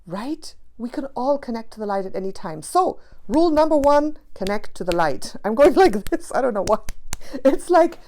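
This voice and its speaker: Woman, spiritual teacher talking to camera; slightly high voice, emphatic and passionate delivery. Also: very animated, normal speed, darkish tone. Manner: passionate, emphatic, repeats key phrases.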